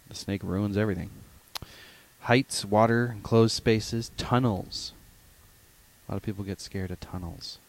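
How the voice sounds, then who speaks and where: Man, podcast co-host, casual chat, dry sarcasm, fairly low voice. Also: steady tone, measured pace, vocal fry.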